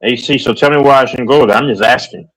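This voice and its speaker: A man's voice: mid-range voice, fast, fairly bright tone, poor audio. A man chatting casually on a live stream, rambling and joking as he answers the chat.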